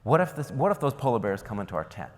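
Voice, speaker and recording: Guy from ohio doing a keynote, super animated voice, jokey storyteller, big echoey hall. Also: medium pitch, quick pace. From Ohio, United States. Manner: animated, joking storyteller acting out scenes. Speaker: keynote speaker. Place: large conference hall. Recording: long reverb of a large hall.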